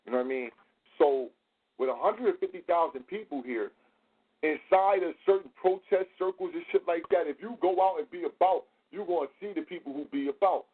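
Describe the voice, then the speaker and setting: A man hosting a casual podcast, telling stories in a profane, animated way. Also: a little high, a little fast, slightly rough. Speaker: host. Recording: tinny phone line.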